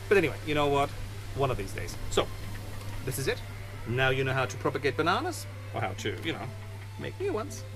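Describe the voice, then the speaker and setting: Lively, chatty gardening man. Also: fairly high pitch. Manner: chatty, self-mocking asides. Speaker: gardening video host. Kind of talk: casual how-to chat. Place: outdoor garden.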